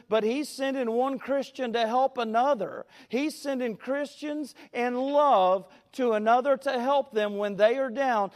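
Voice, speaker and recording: High-pitched preacher man, folksy sermon. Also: long reverb tail. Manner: folksy, tells stories, stretches key words.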